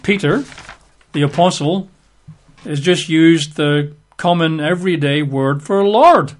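This man's voice sits on the high side and moves slowly as he works through a Bible study step by step. He asks rhetorical questions, spells words one letter at a time, and punctuates with emphatic asides.

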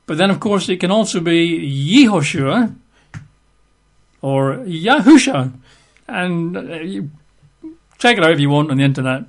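Male Bible teacher, informal and wry, spells words out, slow pace, raised pitch. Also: animated. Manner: conversational, wry asides, spells out words letter by letter.

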